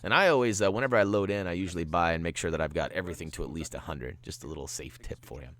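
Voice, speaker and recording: This walkthrough host has a low, slightly bright voice and races along. His gameplay commentary mixes tips with playful jokes and goofy tangents.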